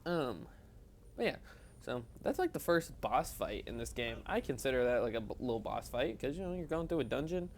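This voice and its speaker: A man's voice: mid-range voice, very animated, fairly quick, few pauses, a little hiss or hum. Tired young man rambling over gameplay. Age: young adult. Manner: rambling, self-deprecating, chatty. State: tired, yawning. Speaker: gaming video host. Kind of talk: casual gameplay commentary voice-over.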